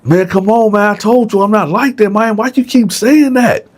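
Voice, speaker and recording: A man voicing a panicked young male inmate who cries out and pleads in a high, frantic voice. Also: moderate pace. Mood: pleading.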